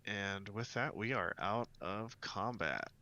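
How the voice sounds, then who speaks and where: A man narrating as game master of an online tabletop game, relaxed and loose with asides. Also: on the low side, slow pace, highs cut off.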